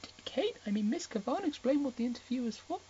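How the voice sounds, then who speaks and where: A shy, nervous young student , put on by a man in a lo-fi home reading. Her voice is pushed up high and wobbles with stammers. It lifts and dips all over the place. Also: sing-song, fast talker, warm tone, a little hiss or hum. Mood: flustered. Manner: stammering, flustered.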